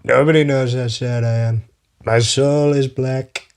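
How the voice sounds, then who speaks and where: A man doing a slow, mournful impression of a self-pitying older man. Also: medium pitch, steady tone, pitched above the performer's own voice, lightly acted. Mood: mopey.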